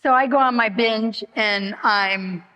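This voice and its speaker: A woman giving a candid personal testimony at a recovery meeting, talking haltingly with many fillers and restarts. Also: a little high, bright, forceful tone. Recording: long hall reverb.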